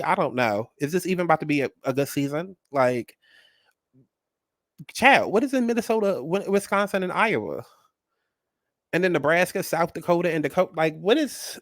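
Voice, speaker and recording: A man hosting a casual commentary vlog, talking in a sassy, animated and blunt way and swearing freely. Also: medium pitch, no echo, studio quality. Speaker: host.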